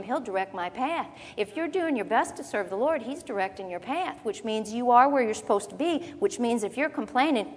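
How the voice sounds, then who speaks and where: A woman preaching a sermon, teaching from the Bible in a conversational, animated way with quick asides. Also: a little high. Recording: long reverb of a large hall.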